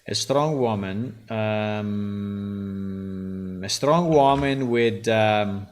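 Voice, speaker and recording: A man's voice: on the low side, extremely slow. A man developing a game, talking casually while he works, thinking aloud with many fillers. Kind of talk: casual dev stream commentary.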